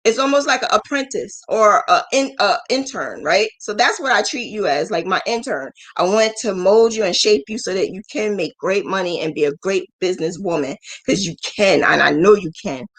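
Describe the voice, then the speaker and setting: A woman hosting a live business mentoring stream, frank and emotional, acting out quoted voices with big jumps in pitch. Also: animated, moderate pace, hardly any pauses, fairly bright tone. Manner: frank, emotional, scolding yet affectionate. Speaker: business mentor and crochet channel host.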